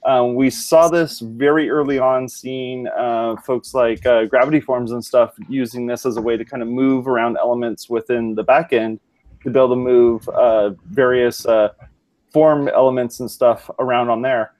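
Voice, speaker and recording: A man's voice: mid-range voice, fairly even intonation, moderate pace, a little mellow, low-quality recording. Guy hosting a podcast, chill and upbeat, lots of ums and you knows. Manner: upbeat, loose, with many fillers. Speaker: podcast host. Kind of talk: casual podcast chat.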